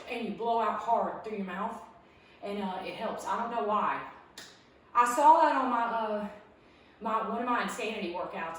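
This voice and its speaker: A woman's voice: on the high side, a bit bright, far from the mic, slight background noise. Winded woman coaching a home workout. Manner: chatty, encouraging, says y'all. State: out of breath. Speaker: fitness vlogger. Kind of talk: casual workout instruction. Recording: roomy echo, voice off-mic.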